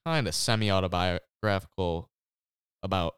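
A man's voice: deep voice, unhurried, a bit bright, clean tone, dry recording, studio quality. A man chatting casually, recapping shows and movies with friends. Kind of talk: casual chat.

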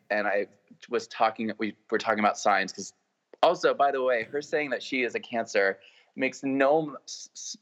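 A young man co-hosting a podcast, telling gossipy stories in an animated way, full of "like". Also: mid-range voice. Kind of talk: casual chat, storytelling. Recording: dull lo-fi recording.

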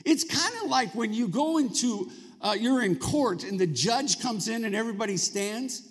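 A man's voice: very high voice, animated, normal speed, breathy edge. A male pastor preaching a sermon in a church, talking conversationally and prompting the congregation to answer back. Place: church sanctuary. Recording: long reverb of a large hall.

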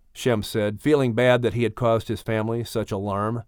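A man narrating an audiobook in a steady storytelling manner. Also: mid-range voice, normal speed, few pauses, clear, resonant tone, no echo, clean studio sound. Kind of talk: scripted narration.

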